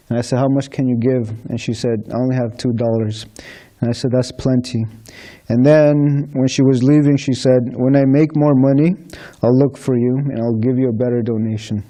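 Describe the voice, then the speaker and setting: Man with a dark, mellow voice. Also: medium pitch, fairly even intonation, moderate pace. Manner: chatty anecdotes with quoted dialogue, frequent laughs. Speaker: book distributor sharing stories. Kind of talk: casual storytelling talk. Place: temple gathering.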